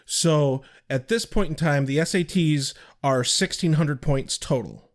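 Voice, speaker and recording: Man, podcast co-host, casual chat, profane and talkative, fairly high-pitched voice. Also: unhurried. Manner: profane, chatty, explains at length.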